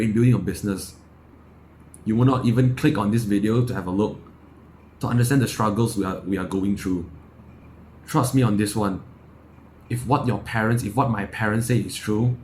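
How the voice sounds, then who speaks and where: Blunt, fired-up young man, lowish voice. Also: fairly quick, a little hiss or hum. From Malaysia. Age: young adult. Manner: forceful, blunt and swearing, with rhetorical questions and repeated words. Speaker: self-improvement YouTuber. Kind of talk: impassioned motivational monologue to camera.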